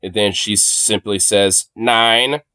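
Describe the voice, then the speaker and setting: A man's voice: lowish voice, moderate pace, no room sound. A male co-host in casual, profane banter, rambling and laughing often as he reacts to clips. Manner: laughing, rambling, swears a lot.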